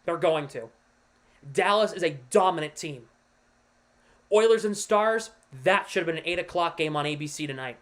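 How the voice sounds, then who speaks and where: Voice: medium pitch, normal speed, fairly bright tone. A livestream host and devoted hockey fan giving casual, emphatic commentary, walking viewers through a play on screen and ranting about the team's losses.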